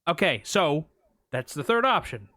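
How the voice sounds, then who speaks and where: A man co-hosting a casual movie podcast, telling stories in an animated, boastful way. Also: a little high, unhurried, no room sound, studio quality. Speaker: podcast co-host.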